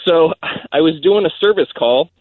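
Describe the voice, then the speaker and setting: A man's voice: on the high side, lively intonation, moderate pace, no room sound. Male caller over tinny phone line. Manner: rambling, hesitant, many fillers. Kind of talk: telling a story on the phone.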